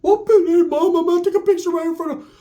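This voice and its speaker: A man voicing a hotheaded young male gang member who talks in a shrill, excitable, profane way. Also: quick pace. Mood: excited.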